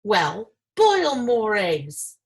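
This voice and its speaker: Storybook farmer, read by a woman: gruff, loud, blustering man, gravelly. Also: sits high, sing-song, measured pace, voice pushed up, exaggerated voice. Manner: yelling, gruff.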